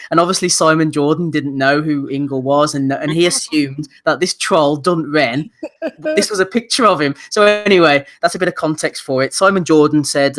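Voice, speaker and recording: British male co-host, fairly high voice, casual and giggly. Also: fairly bright tone. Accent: British English. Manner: laughs readily, reads out listener nominations. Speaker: podcast co-host. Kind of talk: casual boxing chat.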